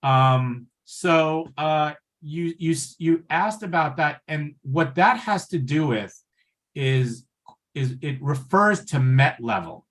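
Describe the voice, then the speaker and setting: A man's voice: fairly high pitch, lively intonation, takes it slowly, fairly bright tone. A man giving a passionate, conversational webinar talk on pulmonary wellness over a video call, often checking in with "right?".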